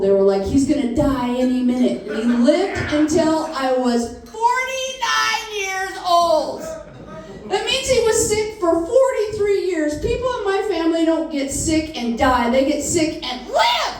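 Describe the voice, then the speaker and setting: A woman's voice: high-pitched, recorded from a distance. A woman in her fifties doing a stand-up comedy set, telling blunt, profane stories on a comedy venue stage. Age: 50s. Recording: echoey room picked up from afar.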